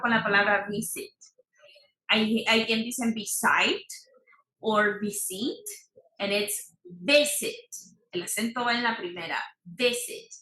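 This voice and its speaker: Bright-voiced bilingual English teacher, echoey. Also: female voice, fairly high pitch. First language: Spanish. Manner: switches between Spanish and English, repeats words slowly to model stress. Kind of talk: online class lesson.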